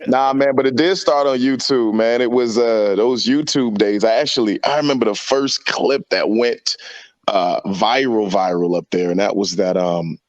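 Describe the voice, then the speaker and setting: A man's voice: medium pitch, moderate pace, no echo, muffled recording. A man in his thirties from Virginia, a comedian guest chatting playfully on a radio show and dropping into voices. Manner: playful, slips into impressions and voices. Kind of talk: casual radio interview chat. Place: remote call into radio show.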